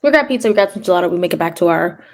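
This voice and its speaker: A woman's voice: fairly low pitch, racing. Podcast guest, female, casual storyteller; lots of "like", acts out her own lines. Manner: animated storyteller, filler-heavy, quotes herself. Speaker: guest, third grade teacher. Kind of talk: casual chat, personal storytelling.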